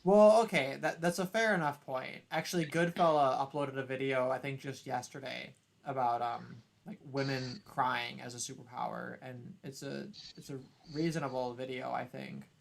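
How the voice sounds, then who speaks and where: A man's voice: medium pitch, steady tone, normal speed, vocal fry, hardly any pauses, slight background noise. A man hosting a casual online talk show, reading a news article aloud with sarcastic, profane asides. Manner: sarcastic, profane, laughs often. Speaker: podcast host.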